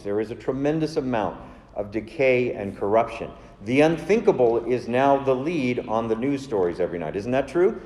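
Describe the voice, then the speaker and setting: A man's voice: medium pitch, mellow. A man preaching a sermon, emphatic, repeating key words to drive points home. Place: church sanctuary. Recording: echoey church hall reverb.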